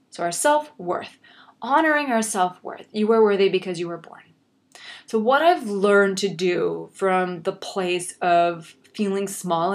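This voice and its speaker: A young woman hosting a motivational podcast, speaking earnestly and encouragingly and addressing the listener directly. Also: mid-range voice. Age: young adult. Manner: earnest, encouraging, self-reflective. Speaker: podcast host.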